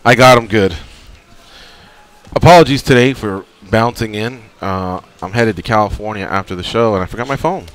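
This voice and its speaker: A man who is a regular on a radio talk show, telling stories in a lively way and acting out the scenes. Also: lowish voice, normal speed. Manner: animated storyteller acting out scenes. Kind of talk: casual radio chat.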